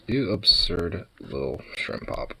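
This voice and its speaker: A man's voice: deep voice, sing-song, slow, creaky, bright, forceful tone, slight background noise, poor audio. A young man vlogging in a loose, rambling way, swearing freely and laughing between thoughts. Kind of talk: casual rambling chat.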